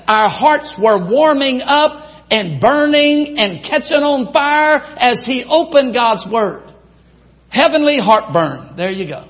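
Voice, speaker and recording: A man preaching a sermon, reading scripture aloud and asking the congregation questions in an animated way. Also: very high voice.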